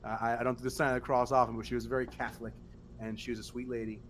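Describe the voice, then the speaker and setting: Podcast host, man, mid pitch, swearing storyteller, audible background noise. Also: rapid-fire. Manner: animated, profane, acts out quotes. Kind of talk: casual chat, storytelling.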